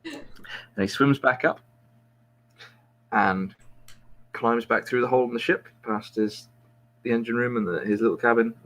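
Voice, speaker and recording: A man's voice: medium pitch, a little hiss or hum, poor audio. A man, a podcast host, telling a long, rambling joke with plenty of restarts and jokes at his own expense. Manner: rambling, self-mocking storyteller with frequent restarts. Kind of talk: casual joke telling among friends.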